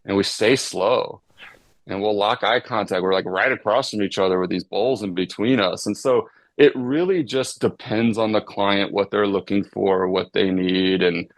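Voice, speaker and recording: A middle-aged man, a psychotherapist guest explaining ideas with everyday examples in a relaxed podcast chat. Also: lowish voice, normal speed, dry recording.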